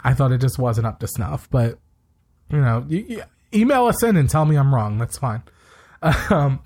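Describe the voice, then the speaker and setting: A man co-hosting a podcast, retelling events in a brisk, opinionated, casual way with quick asides. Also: medium pitch, very animated, a little mellow. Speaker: podcast co-host. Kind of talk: casual recap chat.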